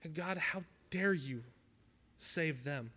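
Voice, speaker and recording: A man preaching a sermon at a youth camp, conversational and dramatic, swinging from loud to hushed. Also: on the high side, lively intonation, slow, slightly rough.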